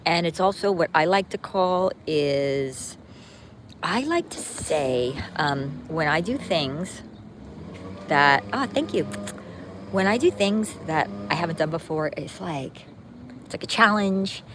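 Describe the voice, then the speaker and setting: With a deep, expressive voice and a slow pace, a vlogger chats live with her audience while walking her dog outside on a street. Background noise carries through as she rambles cheerfully, often restarting and filling gaps.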